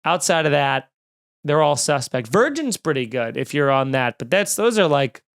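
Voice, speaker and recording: Snarky man ranting, smooth clear voice. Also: fairly high pitch, normal speed. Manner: snarky, animated, mocking voices in quotes. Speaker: comedian podcast host. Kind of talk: comedic rant.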